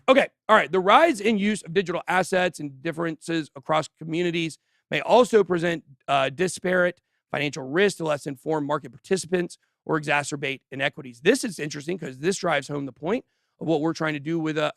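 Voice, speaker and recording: A man hosting a crypto livestream in a studio. He does casual commentary in an animated, joking way and talks straight to his viewers. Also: on the high side, fairly quick, vocal fry, dry recording. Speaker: crypto channel host.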